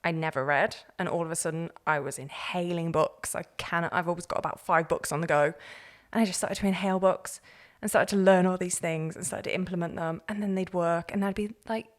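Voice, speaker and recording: A woman, a podcast guest telling her own story in an earnest, animated way. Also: on the low side, brisk. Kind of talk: candid personal story.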